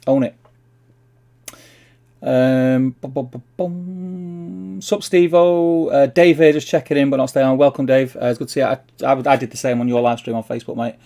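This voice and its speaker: A man's voice: mid-range voice, level tone, fairly quick, creaky, mellow. A man with a Mancunian accent hosting a casual livestream, rambling chattily and calling viewers "mate" as he reads out their comments. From Manchester, England. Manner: rambling, reads chat aloud, chummy "mate". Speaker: livestream host.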